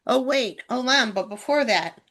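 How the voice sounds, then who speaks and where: A woman's voice: fairly high pitch, animated, moderate pace, fairly bright tone. A middle-aged woman co-hosting a casual podcast chat, retelling TV scenes in long run-on chains of "and". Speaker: podcast co-host, mother. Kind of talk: casual chat recapping a TV show.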